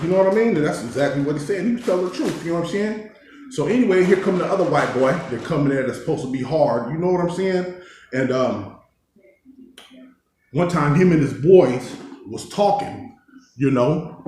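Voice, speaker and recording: A man from Oakland tells prison stories as he cooks, talking streetwise and animated, turning heated when he recalls a showdown. His voice sits a little high. The room is very echoey, with a faint hiss behind. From Oakland, California. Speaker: cooking vlogger telling prison stories. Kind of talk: casual storytelling while cooking.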